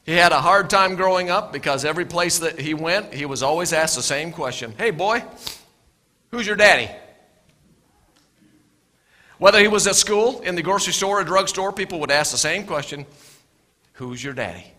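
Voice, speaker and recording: Earnest and storytelling, this middle-aged man preaches a sermon in a fairly high voice at a brisk pace. He often repeats words and lowers into quiet asides.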